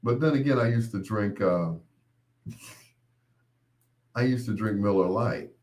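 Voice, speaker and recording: A man hosting his own show, telling rambling casual stories with laughs and quick mimicked voices of others. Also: fairly low pitch, a little mellow. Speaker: podcast host. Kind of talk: casual storytelling monologue.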